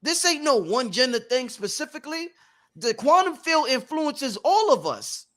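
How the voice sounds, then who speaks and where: A man's voice: very high-pitched, very animated, moderate pace, fairly bright tone. A man hosting a spiritual workshop, talking emphatically and bluntly with plenty of swearing and repetition. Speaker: host. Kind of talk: animated workshop talk.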